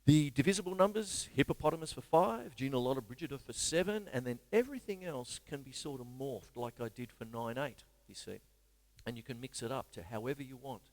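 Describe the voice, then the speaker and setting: A man's voice: medium pitch, lively intonation, brisk, a little mellow, no echo, big-room sound. A man with an Australian accent hosting a casual live-stream drum lesson, chatty and rambling with self-mocking asides. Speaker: drum teacher and show host.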